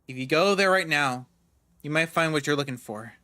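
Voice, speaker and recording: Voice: mid-range voice, moderate pace, pushed and bright, no room sound, pitched below the performer's own voice, natural voice. A player voicing a nervous male informant in a story game, who gives up what he knows grudgingly and defensively.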